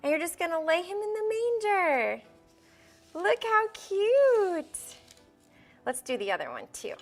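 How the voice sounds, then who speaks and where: A woman's voice: very high-pitched, wildly swooping pitch, brisk. Young woman doing a live kids baking lesson, bubbly and encouraging, voice bouncing all over, little music behind. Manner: bubbly, coaxing, talks straight to the kids at home. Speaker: host of a kids' baking show. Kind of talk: live cooking demonstration for kids.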